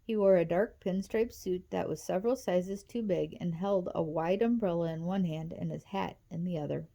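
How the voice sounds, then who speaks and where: Woman, storybook reader, mellow dark tone, steady narration. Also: lowish voice, normal speed, vocal fry. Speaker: audiobook reader. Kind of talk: reading a novel aloud.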